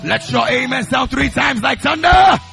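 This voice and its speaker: High, gravelly, fervent praying pastor. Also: male voice, expressive, normal speed, pushed and bright, raised voice, soft background music. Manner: fervent declarations, each phrase started with "uh"; repeats lines in a rhythmic chant. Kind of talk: sermon and loud congregational prayer.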